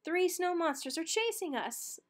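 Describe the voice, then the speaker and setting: A woman's voice: extremely high pitch, animated, unhurried, pitched above the performer's own voice. A woman voicing a jittery, food-obsessed young man who stammers and says "like" often. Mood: panicky. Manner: nervous, stammering, says "like" a lot.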